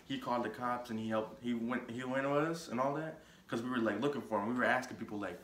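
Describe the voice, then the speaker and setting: A man's voice: mid-range voice, steady tone, quick pace, few pauses, a bit bright, roomy sound, slight background noise. A young man telling a casual story on his vlog, rambling with lots of filler words and restarts. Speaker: vlogger.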